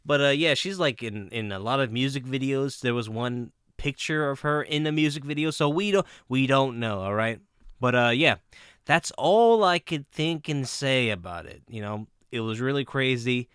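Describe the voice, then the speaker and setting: A man talking in a lively, swooping voice with a bright, sharp edge, often breaking into laughter and dropping casual swears. He sounds close and dry, as if speaking straight into his own mic for a vlog. His pitch sits a little high for a man. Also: moderate pace, clean tone, no echo. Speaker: commentator.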